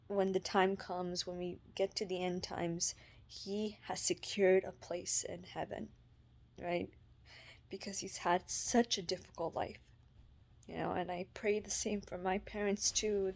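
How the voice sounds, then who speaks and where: A young woman from Canada speaks in a fairly low, steady voice with little rise and fall. She talks haltingly, circling back with fillers and restarts as she shares her faith in a personal vlog. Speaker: vlogger.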